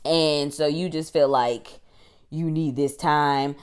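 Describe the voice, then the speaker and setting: Woman doing a chatty slangy tv recap, lowish smooth voice, laughs a lot. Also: steady tone, slow. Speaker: YouTube TV reviewer. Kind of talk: casual episode recap.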